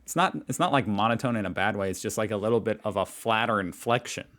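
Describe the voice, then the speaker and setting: A man's voice: on the low side, quick pace, fairly bright tone. An American man from Indiana hosting a reaction video, joking casually. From Indiana, United States. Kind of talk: casual commentary.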